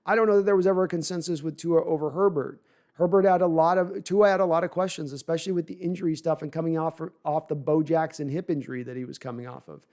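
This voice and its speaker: A man's voice: on the high side, fairly even intonation, quick pace, a little mellow. A man hosting a live sports podcast, talking at length and reading chat comments, often repeating words as he restarts sentences.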